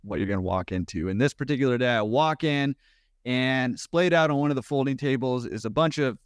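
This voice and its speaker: A man telling a story on a podcast with quick, animated energy and a mid-range voice. The sound is dry and close. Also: medium pitch, clear, resonant tone, no room sound. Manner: animated, quick, laughing at his own story. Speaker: podcast guest. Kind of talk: casual storytelling.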